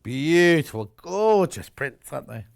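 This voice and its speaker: A man's voice: fairly high pitch, big pitch swings, unhurried, vocal fry. A middle-aged man presenting products live on a home shopping channel, chatty, enthusiastic and jokey about himself.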